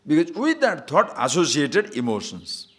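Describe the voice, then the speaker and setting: A man teaching scripture as a swami in a spiritual discourse, teasing his listeners with rhetorical questions and chanting short verses slowly. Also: fairly high pitch, huge pitch swings, breathy edge. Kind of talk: spiritual discourse to a live audience.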